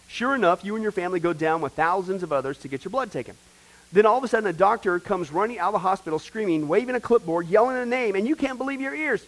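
A man with a high, light voice delivers a sermon and teaches from a study guide. He presses hard and loud when he warns, then drops to a quiet, intense hush. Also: poor audio. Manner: emphatic, swings between loud urgency and hushed intensity. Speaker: preacher teaching a class.

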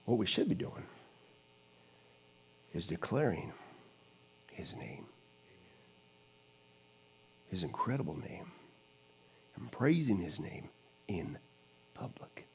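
A man preaching a fiery sermon, firing off scolding rhetorical questions and sometimes dropping to a low murmur. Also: sing-song, slow, creaky, pauses often, darkish tone, a little hiss or hum.

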